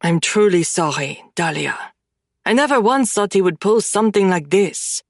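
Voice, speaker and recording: A woman's voice: mid-range voice, lively intonation, normal speed, no echo, studio quality. A woman voicing a sardonic young French man who teases but cares for his stepsister, in an audiobook. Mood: sympathetic.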